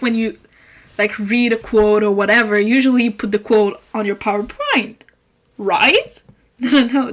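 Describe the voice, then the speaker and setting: A young woman hosting a podcast, yelling through a fast, profane rant about her day. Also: a little high. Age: young adult. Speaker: podcast host. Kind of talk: ranting casual podcast monologue.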